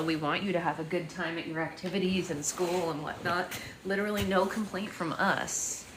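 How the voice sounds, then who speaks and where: Chatty young mother, slightly low voice. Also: a bit bright, slight background noise. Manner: rambling and chatty, with sing-song baby talk to her daughter. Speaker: live-stream host and mother. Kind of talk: casual live-stream chat.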